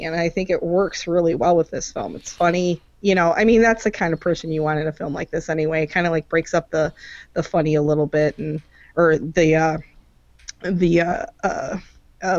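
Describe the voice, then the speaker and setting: A woman's voice: fairly low pitch, gravelly, darkish tone, dry recording, highs cut off. A woman chatting casually about a movie, laughing often and filling gaps with ums and likes. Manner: laughing, lots of fillers. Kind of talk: casual chat.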